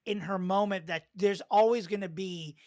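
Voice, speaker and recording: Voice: mid-range voice, moderate pace, a little mellow, no echo. Podcast co-host, emphatic ranting delivery, dry close sound. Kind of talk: casual chat.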